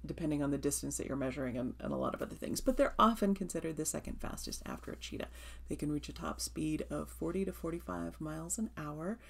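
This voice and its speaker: Gravelly, eager woman cross-stitch vlogger. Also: on the low side. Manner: eager, gushing, reading from notes. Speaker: cross-stitch designer and vlog host. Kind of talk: casual chat from notes.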